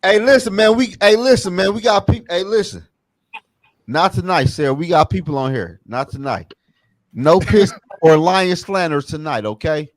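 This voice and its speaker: A man co-hosting a casual sports podcast, loud, profane and joking. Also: high voice, animated, moderate pace, no echo. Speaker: podcast co-host.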